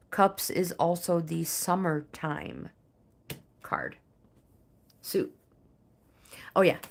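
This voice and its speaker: An older woman hosts a relaxed tarot reading on a home livestream. Her voice sits a little low, and she talks very slowly, pausing often and filling the gaps with ums. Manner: slow, halting, with pauses and fillers. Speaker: tarot reader and livestream host. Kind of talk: casual livestream card reading.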